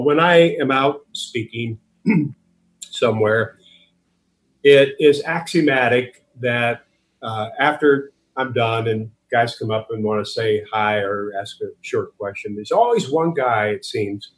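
A man's voice: mid-range voice, low-quality recording. A man, a guest author, earnestly telling a story and teaching in a podcast interview, with a preacher's cadence, often repeating words as he starts sentences.

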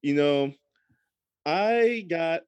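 A man's voice: fairly high pitch, expressive, extremely slow, clear, resonant tone, no room sound, lo-fi sound. A man co-hosting a podcast, chatting casually and teasing his co-host. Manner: teasing, egging on. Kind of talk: casual chat.

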